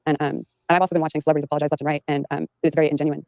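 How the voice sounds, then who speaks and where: A woman's voice: low voice, flat delivery, rapid-fire, a little mellow, no room sound, low-quality recording. A woman giving an interview, rambling with many fillers and restarts. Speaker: interview guest. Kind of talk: recounting in an interview. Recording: played from an archived interview.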